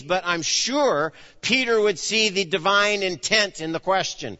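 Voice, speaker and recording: Bright-voiced preacher man in a hall. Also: sits high, unhurried, hardly any pauses, dull audio. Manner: acts out dialogue with shifting emphasis, swings between loud and hushed. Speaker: pastor. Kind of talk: sermon.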